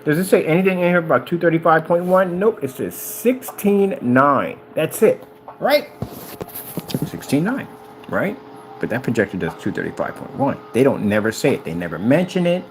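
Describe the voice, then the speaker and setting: A man talking casually and excitedly about projectors, rambling and wandering off topic. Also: a little high, normal speed, slight background noise. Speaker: business owner reviewing projectors.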